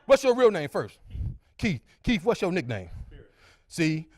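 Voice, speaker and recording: A man in his forties doing a stand-up comedy set on a club stage into a handheld mic, with loud, high-pitched impressions of his friends. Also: big pitch swings, unhurried, dry recording. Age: 40s.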